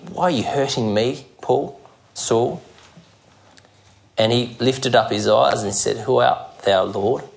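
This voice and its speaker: A man preaching a sermon, earnest and measured, acting out the scripture scenes he tells. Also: medium pitch, vocal fry. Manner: earnest, measured preaching with dramatic quoted voices. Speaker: pastor.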